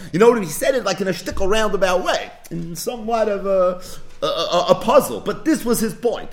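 Animated fast-talking man teaching Talmud. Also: high-pitched, creaky. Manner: animated, rhetorical questions, mixes Yiddish and Hebrew terms. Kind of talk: daf yomi Talmud lecture.

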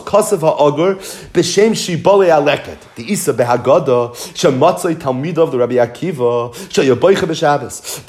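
A man teaching a Talmud lesson in an animated, sing-song study cadence, weaving in Hebrew and Yiddish terms. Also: fairly high pitch. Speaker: Torah teacher. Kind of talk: Talmud lecture.

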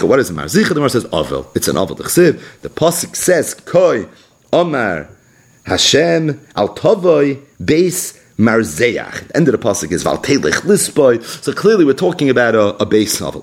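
Man teaching Talmud with a lively voice. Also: medium pitch. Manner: reads Aramaic then explains in English; acts out the rabbis' exchanges expressively. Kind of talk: daily Talmud lesson.

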